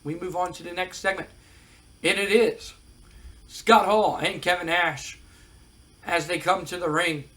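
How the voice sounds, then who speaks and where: High-voiced man recapping a wrestling game. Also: measured pace, long pauses. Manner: relaxed, recapping, with fillers. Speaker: let's-play narrator. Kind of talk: casual game commentary.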